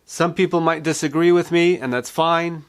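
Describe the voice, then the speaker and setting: A male vocal coach giving a calm, reassuring singing lesson and walking beginners through vocal exercises. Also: fairly high pitch, moderate pace, clean tone. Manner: calm, reassuring teaching with repeated phrases.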